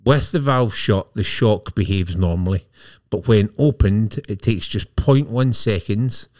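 A man's voice: on the low side, unhurried, darkish tone, no echo, studio quality. A man co-hosting a casual motorbike podcast, reading out technical news with jokes in between. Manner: jokey, technical explainer. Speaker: podcast co-host. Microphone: podcast mic.

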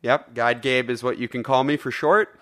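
A man's voice: mid-range voice, fairly even intonation, normal speed, a bit bright. A man hosting a podcast in casual comedic chat, rambling and joking, swearing freely. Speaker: podcast host.

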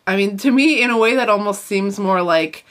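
A woman's voice: medium pitch, normal speed, fairly bright tone. Thoughtful woman discussing a book. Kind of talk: casual book discussion, reading aloud.

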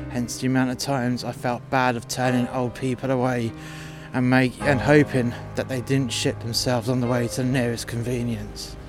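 A man hosting a podcast, telling a story in an indignant, sweary rant. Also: mid-range voice. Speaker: podcast host. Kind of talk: storytelling monologue.

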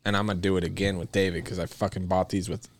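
A man's voice: sits low, flat delivery, fast, slight background noise. A man hosting a podcast, chatting casually and joking with his co-hosts, swearing freely. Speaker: podcast host. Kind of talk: casual chat.

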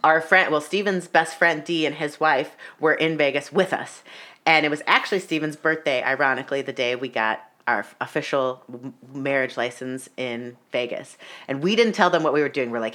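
A woman's voice: sits low, normal speed, fairly bright tone. A young adult woman telling a story in casual chat, full of "like" and acted-out quotes. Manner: chatty, fillers of "like", acts out quotes.

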